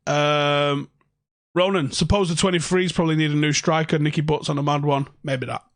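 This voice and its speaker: A man's voice: on the high side, steady tone, moderate pace, dry recording. Sweary ranting man. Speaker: fan channel host. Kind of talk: casual livestream chat. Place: home.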